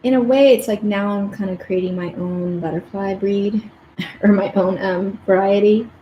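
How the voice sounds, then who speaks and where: A woman's voice: mid-range voice, steady tone, moderate pace, dark tone, roomy sound, slight background noise, rough recording. A woman art educator chatting casually on a live stream as she paints, rambling and restarting her sentences. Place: home art studio.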